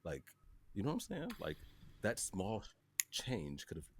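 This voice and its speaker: A man's voice: deep voice, huge pitch swings, measured pace, slight background noise. A young man from Wisconsin, co-hosting a podcast in candid, reflective casual chat, swearing freely. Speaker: podcast co-host.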